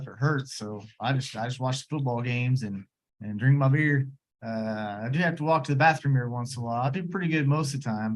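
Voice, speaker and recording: A man's voice: medium pitch, lightly acted, low-quality recording. A man playing folksy grandpa patient. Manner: put-on accent, drawling and rambling. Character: folksy grandpa patient with back pain, easygoing, beer-loving. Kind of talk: role-play of a patient's spoken history.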